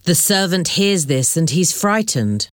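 A woman reading a children's chapter story aloud, clear and deliberate. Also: lowish voice, very animated, no echo, studio quality. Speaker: narrator.

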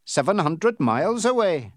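A man voicing a stubborn, hot-tempered sea captain who blusters and shouts in outrage. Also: high voice, very animated, moderate pace, no echo, clean studio sound, pitched above the performer's own voice. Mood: gruff.

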